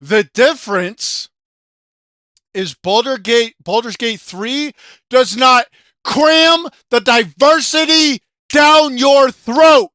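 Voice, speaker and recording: High-voiced, profane, yelling game commentator. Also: takes it slowly, no echo, clean studio sound. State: sore throat from yelling. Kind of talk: angry commentary rant.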